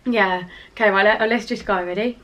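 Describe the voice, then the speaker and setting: A woman's voice: mid-range voice, fairly even intonation, normal speed, a bit bright, muffled recording. A young woman vlogging with her sister, giggly and nervous, chatting casually at home. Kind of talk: casual chat. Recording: noisy home recording.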